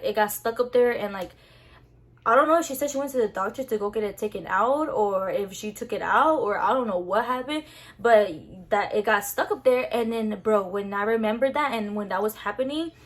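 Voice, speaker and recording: Animated, profane young woman telling a story. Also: a little high. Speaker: vlogger. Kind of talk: casual storytime.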